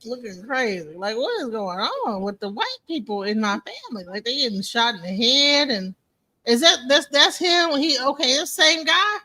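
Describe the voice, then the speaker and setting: A woman's voice: high-pitched, expressive, normal speed, bright, forceful tone. A young woman hosting a casual live-stream chat, rambling and joking with plenty of profanity. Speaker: host.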